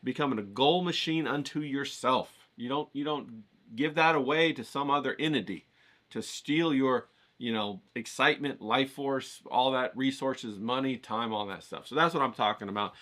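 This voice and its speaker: A man's voice: mid-range voice, moderate pace, bright, forceful tone. A man hosting his channel, chatting casually and energetically to viewers, rambling and firing off repeated questions to get them hyped. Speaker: host of an art challenge channel.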